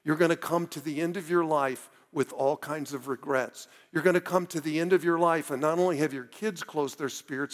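A man's voice: on the high side, big-room sound. A man preaching a sermon as a pastor, talking earnestly and directly to his listeners, pleading with them.

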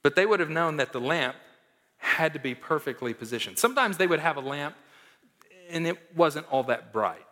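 A man's voice: on the high side, expressive, moderate pace. Emphatic male pastor in a reverberant hall. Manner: emphatic, swings between loud and hushed. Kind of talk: sermon.

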